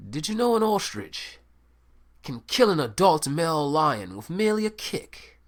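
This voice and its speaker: A man's voice: very animated, moderate pace. A man putting on a hammy Australian accent as a male showman spouting ostrich facts, leaning hard on each word. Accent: Australian (put on). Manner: high, emphatic showman delivery.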